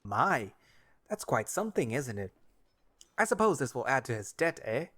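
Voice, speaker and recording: A man's voice: mid-range voice, very animated, moderate pace, fairly bright tone. A man voicing a jovial older male wolf baker with a folksy, teasing manner.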